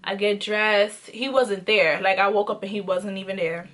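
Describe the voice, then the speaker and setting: A woman's voice: medium pitch, steady tone, normal speed, fairly bright tone. A young woman vlogger telling a personal story in a candid, emphatic way, repeating phrases for emphasis. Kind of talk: casual storytime monologue.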